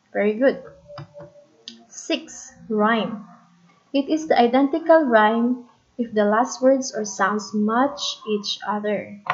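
Teacher, woman, video lesson; measured delivery that drills terms, muffled recording. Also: mid-range voice. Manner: slow, deliberate, drills terms and claps out rhythms. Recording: dull lo-fi audio.

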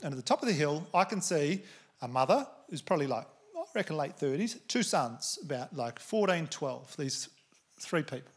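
A man in his thirties with an Australian accent, doing stand-up comedy with crude, exasperated rants and loud outbursts. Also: on the high side, big pitch swings, moderate pace, husky. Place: theatre stage before a laughing audience. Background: audience laughter.

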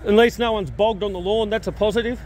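High-voiced excitable Australian man outdoors. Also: fast talker, slight background noise. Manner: excitable, keeps asking people if they are excited. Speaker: vlogger at a car show. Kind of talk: energetic walkaround vlog. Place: outdoor car show on grass.

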